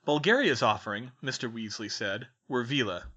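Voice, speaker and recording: A man reading a fan fiction chapter aloud as narrator, with expressive storytelling. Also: medium pitch, normal speed, highs cut off. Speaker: audiobook reader.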